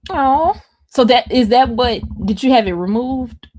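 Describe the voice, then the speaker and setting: A woman's voice: a little high, expressive, measured pace, a little mellow, a little hiss or hum. A young Southern woman hosting a casual livestream, chatting and reading out viewer comments with frequent laughs. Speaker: livestream host.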